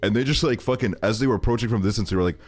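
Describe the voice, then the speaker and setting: A tired man in his twenties rambles through a story on a live stream, talking very fast in a fairly low voice. He laughs often and swears a lot in this casual chat, with soft music playing in the background.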